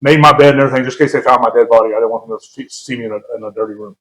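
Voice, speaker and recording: A man's voice: mid-range voice, fairly even intonation, racing, fairly bright tone. A young man chats on a podcast, telling a story in a loose, rambling way. He pokes fun at himself and laughs easily. His voice sits mid-range and carries a roomy echo. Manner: rambling, self-mocking, laughs often. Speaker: podcast co-host. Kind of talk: casual storytelling chat.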